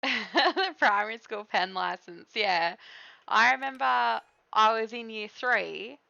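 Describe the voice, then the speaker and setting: A young Australian woman chatting casually with viewers while playing a game, easygoing and quick to giggle. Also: on the high side, expressive, gravelly, sharp tone, muffled recording. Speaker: streamer. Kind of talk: casual chat while gaming.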